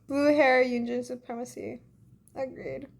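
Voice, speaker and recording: A woman's voice: high voice, measured pace, vocal fry, a little hiss or hum. A young woman chatting casually on a phone livestream and reading fan comments, a bit congested, breezy and full of "like" and "literally".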